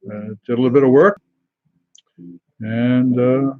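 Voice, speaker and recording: A middle-aged man hosting a live beer tasting stream, chatting casually with many pauses and fillers and greeting viewers by name. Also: mid-range voice, steady tone, highs cut off.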